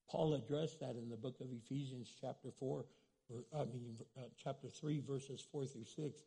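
A man's voice: mid-range voice, expressive, normal speed, gravelly, dark tone, breathy edge. A male pastor preaching a sermon, with many restarts and quoted asides.

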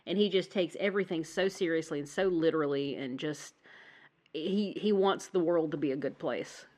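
A woman co-hosting a casual podcast chat while sick with the flu, coughing now and then, chatty and quick to laugh. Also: low voice, darkish tone. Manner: chatty, rambling, laughs easily. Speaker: podcast co-host.

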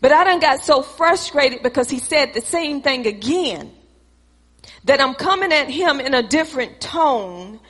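A woman preaches in a large church hall, her voice carrying a long reverb. She speaks high and slow, building points by repeating phrases. She plays out both sides of a quarrel as she teaches. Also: expressive, fairly bright tone. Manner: dramatic, acts out both sides of an argument; repetitive, preacherly cadence. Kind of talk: sermon with acted-out dialogue.

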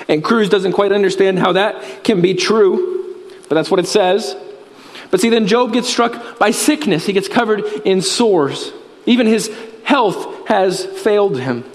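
A man preaching a sermon, telling a story earnestly and dropping his voice low and soft at solemn moments. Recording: reverberant hall.

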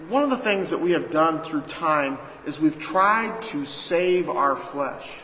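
A man's voice: a little high, normal speed, sharp tone. A man preaching a sermon as pastor, emphatic and calling out to his congregation. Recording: echoey hall, faint noise.

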